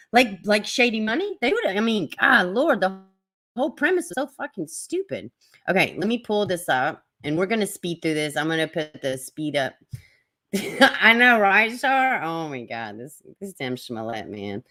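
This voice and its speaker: Lively, swearing woman livestreamer. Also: fairly low pitch, normal speed. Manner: animated, swears freely, laughs often. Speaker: livestream host. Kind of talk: casual commentary livestream.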